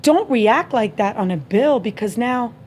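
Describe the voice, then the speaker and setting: A woman's voice: fairly high pitch, lively intonation, a little slow, a little mellow, slight background noise. A young woman hosting a podcast, casually chatting and telling a story, acting out both sides with frequent laughs. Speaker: podcast host. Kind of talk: casual chat.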